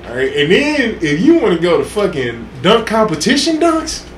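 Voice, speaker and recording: A man on a podcast, telling excited sports stories in casual chat, acting out quotes and laughing loudly. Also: high voice, moderate pace. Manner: excitable storytelling, loud laughs and acted quotes. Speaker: podcast co-host. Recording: echoey room with faint hiss.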